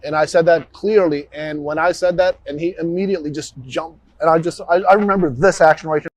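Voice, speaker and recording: A police officer recounting events outdoors during an on-scene walkthrough interview, halting and restarting his phrases. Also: a little high, steady tone, no echo. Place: outdoors by a roadside.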